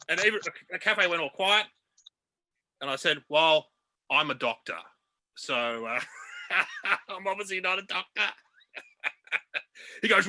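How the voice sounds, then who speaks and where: An Australian man does a chatty, self-mocking stand-up set over a video call. His voice is very bright and forward, and it sits a touch higher than most men's. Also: expressive. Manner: chatty, self-deprecating, quick asides to the audience. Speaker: stand-up comedian. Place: home room.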